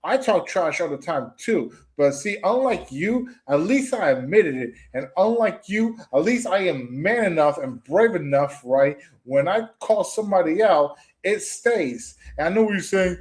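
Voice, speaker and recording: A young man on a commentary stream, his voice sitting high and swooping all over as he rants. He trash-talks in mocking jabs, trips over his own restarts and keeps circling back to the same phrases. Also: expressive, measured pace, few pauses. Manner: trash-talking, repetitive, stumbling restarts, mocking "moo" noises. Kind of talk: ranting call-out commentary.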